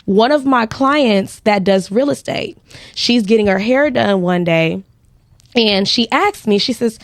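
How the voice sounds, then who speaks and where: A woman's voice: a little high, measured pace, no echo, clean studio sound. A woman tells a story in casual podcast talk, acting out the lines of other people. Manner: animated, acts out quoted dialogue. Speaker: guest, credit repair business owner.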